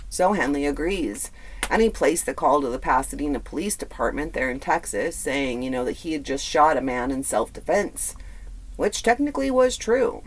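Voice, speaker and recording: A man's voice: a little high, animated, moderate pace, slight background noise. A man hosting a true crime podcast, telling the story in a casual, conversational way with blunt, profane asides and lots of fillers. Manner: filler-heavy, repeats words.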